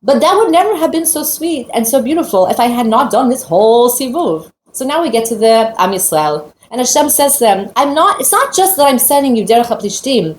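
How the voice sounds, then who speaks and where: Fast-talking animated woman teacher, echoey. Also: a little high. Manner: animated storytelling, acts out quoted voices. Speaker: Torah teacher. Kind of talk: storytelling Torah talk. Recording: roomy echo with faint background noise.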